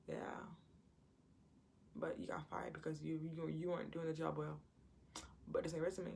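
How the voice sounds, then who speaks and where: A woman teaches from the Bible in a relaxed, chatty way, acting out the people in the stories as she goes. Her voice sits low with a gravelly edge, and a faint hum of room noise stays behind her. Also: moderate pace, pauses often. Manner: conversational, retells scripture with acted-out quotes. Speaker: Christian preacher.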